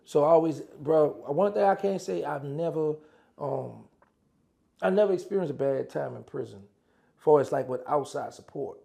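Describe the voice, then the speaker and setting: A man's voice: on the high side, moderate pace, gravelly, mellow. A man telling his prison stories in a casual interview, acting out phone calls in dialogue as he speaks. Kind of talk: casual storytelling.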